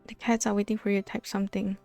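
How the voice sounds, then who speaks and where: A woman's voice: medium pitch, little pitch movement, racing, gravelly, a little mellow, soft background music. Playful woman streaming a game. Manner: playful, laughs, greets chat. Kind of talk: casual game-stream chat.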